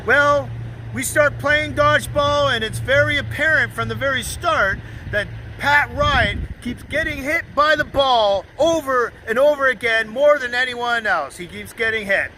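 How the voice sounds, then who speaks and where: An interviewee spins an animated, mocking story with heavy emphasis. His voice is very high for a man and bright. He talks in a lively, scornful way. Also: measured pace, slight background noise, rough recording.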